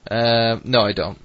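A man's voice: fairly low pitch, fairly bright tone, no echo, muffled recording. A man hosting an online radio show, rambling and self-deprecating, hesitant as he signs off. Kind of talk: casual online radio chat.

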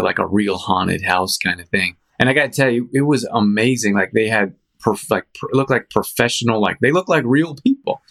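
A man hosting a show, chatting casually in a rambling, animated storytelling way with frequent restarts and fillers. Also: on the low side, vocal fry. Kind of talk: casual chat.

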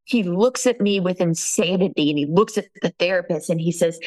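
Shaken woman recounting, halting and raw. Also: lowish voice, a little mellow, rough recording. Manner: halting, with many restarts and fillers. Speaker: guest telling her story. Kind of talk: emotional personal account.

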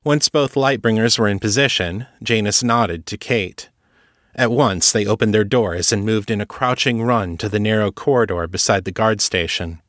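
A man narrating a serialized fiction story in a steady, even manner. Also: fairly low pitch, normal speed, dry recording, studio quality. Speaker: audiobook narrator.

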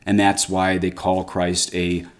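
This Catholic priest's low-pitched voice stays monotone and moves a little slowly. In a conversational scripture commentary, he reads passages aloud and then unpacks each one earnestly.

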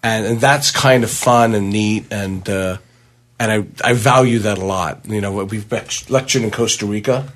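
A man co-hosting a podcast, talking in an animated, halting way full of restarts. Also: on the low side. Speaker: podcast co-host. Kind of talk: casual chat.

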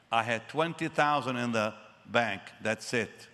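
A man in his seventies preaching a sermon, telling his story with animated delivery and acting out conversations. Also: mid-range voice, measured pace. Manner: animated storytelling, acts out dialogue. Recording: long reverb of a large hall.

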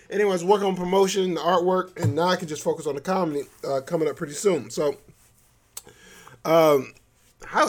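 A man's voice: fairly high pitch, a bit bright. A man hosting a solo podcast, talking loosely and joking, often breaking into laughs. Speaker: podcast host. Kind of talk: casual solo podcast monologue.

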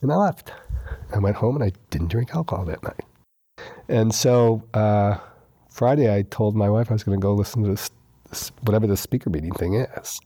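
A man guest in a casual interview, telling his recovery story with lively retellings, acting out quoted dialogue and repeating lines for emphasis. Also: lowish voice, normal speed, no echo, clean studio sound.

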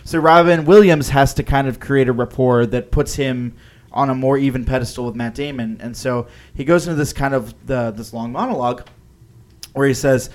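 A man in casual conversation on a film podcast, his voice sitting at an ordinary middle pitch. He talks loosely and hesitantly, circling back, restarting sentences, and filling pauses with "um" and "like.". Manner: hesitant, lots of "like" and "um" with frequent restarts. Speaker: podcast co-host. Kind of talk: casual film-discussion chat.

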